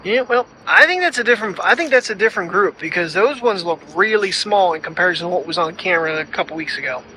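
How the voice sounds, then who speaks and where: A man's voice: high voice, lively intonation, quick pace, bright, forceful tone, slight background noise. A man talking casually to his camera at home about his sick dog, rambling and worried, filmed on a handheld gimbal with a wireless mic. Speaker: daily vlogger. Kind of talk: casual vlog talk to camera. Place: home and backyard at night.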